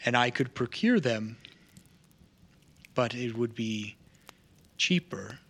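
A man voicing a proud, formal non-human crafter in a tabletop game, speaking slowly and with measured care. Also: mid-range voice, animated, fairly bright tone, heavily acted.

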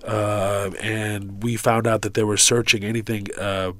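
Animated male comedian telling a story. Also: lowish voice, unhurried, dry recording. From Kuwait. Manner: animated storyteller, acts out quotes. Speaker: comedian guest. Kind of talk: storytelling interview.

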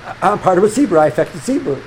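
A man's voice: sits high, very fast, slight background noise, low-quality recording. A middle-aged man, a rabbi, giving an informal religious lecture to students, talking animatedly with many restarts and repeated words. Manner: animated, repeats and restarts words, sprinkles Hebrew and Yiddish terms.

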